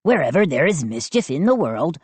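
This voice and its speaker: A woman's voice: low voice, sing-song, fairly quick, darkish tone, husky, dry recording, full character voice. A woman doing Chip, a cheeky mischief gnome. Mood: insistent. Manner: repeats himself, matter-of-fact.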